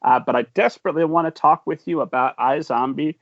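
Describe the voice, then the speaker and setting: A man hosts an interview with an enthusiastic, joking, fan-like manner. His voice is fairly high and sounds dry and close. The audio is dull, like a video call. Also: fast talker, no room sound. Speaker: podcast host.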